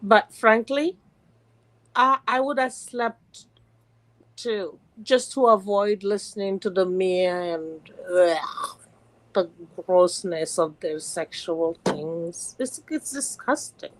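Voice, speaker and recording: A middle-aged woman from California calling in to chat, animated and quick to laugh, with many restarts. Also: medium pitch, poor audio. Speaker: caller. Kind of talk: casual call-in chat.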